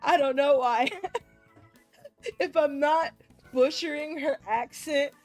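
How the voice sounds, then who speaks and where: A woman's voice: high-pitched, fairly even intonation, takes it slowly, darkish tone, no room sound, faint music behind. A woman streaming a visual novel, making giggly, self-deprecating asides between lines. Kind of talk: casual game stream commentary.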